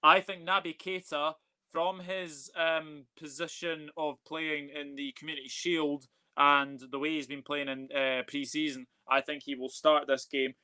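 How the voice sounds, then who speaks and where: A man's voice: fairly high pitch, little pitch movement, unhurried, sharp tone, clear, resonant tone. A man hosting a casual football live stream, upbeat and chatty as he reads out viewer comments. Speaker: football channel host.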